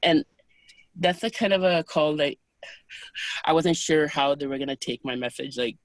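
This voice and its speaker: A woman as an interview guest, calmly recounting personal experiences in a soft, unhurried, hesitant way. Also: sits low, no echo. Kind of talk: personal storytelling in conversation.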